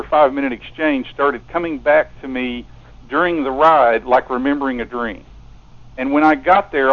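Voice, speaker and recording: A man speaking as a radio show guest, earnest, often stumbling and repeating his words as he tells his story. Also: medium pitch. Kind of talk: casual phone conversation. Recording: narrow telephone line.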